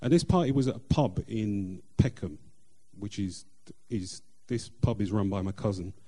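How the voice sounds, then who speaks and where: A middle-aged man tells a faith testimony in a very dark, mellow voice. He speaks earnestly, pausing and restarting often as he goes. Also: lowish voice, husky. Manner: earnest, halting with frequent fillers and restarts. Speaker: church member sharing testimony. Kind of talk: personal testimony.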